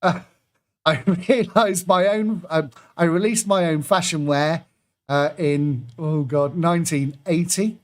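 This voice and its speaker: A man's voice: fairly high pitch, fairly even intonation, takes it slowly. A man hosting an online pub quiz from his computer, reading out clues and laughing at his own slip-ups. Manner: self-deprecating, chatty, fumbles and laughs at own mistakes. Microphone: computer microphone.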